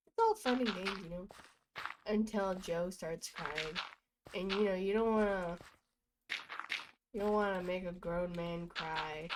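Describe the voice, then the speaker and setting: A woman's voice: on the low side, noisy background. A young woman streaming from home, rambling through goofy stories in a casual chatty way. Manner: chatty, goofy storytelling with bursts of laughter. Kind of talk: rambling casual chat while gaming.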